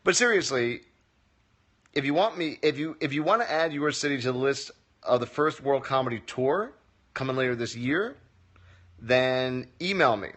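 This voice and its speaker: A comedy teacher with an expressive, mid-range, fairly bright voice speaks at a moderate pace in a casual Q&A on a phone livestream. He reads comments from viewers aloud and answers them wryly with dry jokes.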